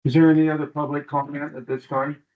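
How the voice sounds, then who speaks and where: A man chairing a county board meeting, brisk and friendly. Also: fairly high pitch, little pitch movement, narrow, tinny audio.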